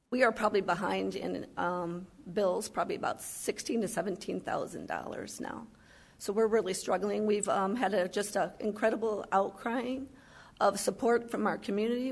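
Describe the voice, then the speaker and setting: A woman from Chicago who owns a restaurant, speaking emotionally and earnestly at a county meeting, halting often with fillers. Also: medium pitch, vocal fry, breathy edge. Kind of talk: public comment at a county meeting.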